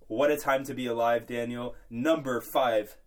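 A man's voice: mid-range voice, steady tone, moderate pace. A young man co-hosting a college podcast, telling rambling, joking stories before turning to sports. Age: young adult. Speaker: podcast co-host. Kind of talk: casual college sports chat.

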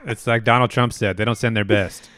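A man's voice: lowish voice, steady tone, brisk, heavy background noise. A man co-hosting a comedy podcast, teasing wryly and laughing in casual chat. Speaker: podcast co-host.

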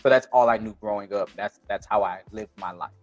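A man's voice: on the low side, brisk, dull audio, soft background music. A man co-hosting a casual podcast discussion, talking bluntly and profanely, with frequent restarts. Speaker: podcast co-host.

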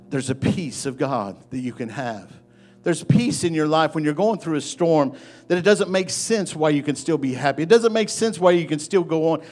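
A man preaching a sermon as pastor, moving from soft, low asides to loud, rising exhortation. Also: expressive, moderate pace.

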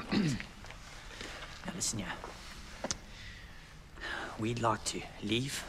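A composed arms-deal broker who keeps his tone level and firm while a standoff threatens to boil over. The line comes from a noisy film clip with a clear hiss underneath. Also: on the low side, extremely slow, exaggerated voice. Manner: calm, firm peacekeeping tone. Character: adult male arms-deal broker, cool but strained.

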